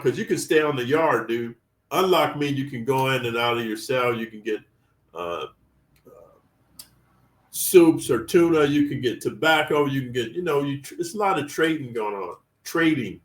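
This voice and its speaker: In a mid-range, slightly bright voice, a Californian man who served time swears his way through prison stories full of street slang. The recording is roomy, with him set well back from the mic.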